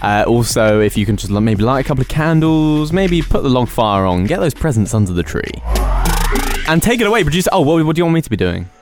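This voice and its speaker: A man hosting a radio show, teasing and quick to laugh in casual studio banter. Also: mid-range voice, sing-song, over music.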